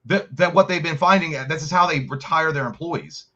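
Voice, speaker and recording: A man co-hosting a casual podcast, reading out viewer comments and chatting in a rapid, rambling way, swearing freely. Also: a little high, pushed and bright, muffled recording. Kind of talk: casual profane chat.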